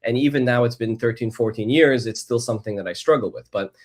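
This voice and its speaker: A man from Canada, a podcast guest, telling his personal story in a reflective, measured way with frequent restarts. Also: medium pitch.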